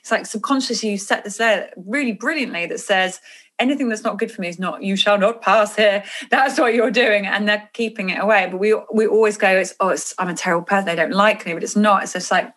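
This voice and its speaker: A woman author talking casually about intuition and energy in an earnest, animated way on a podcast. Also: mid-range voice, brisk. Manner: earnest, animated, drifts into quoted inner voices.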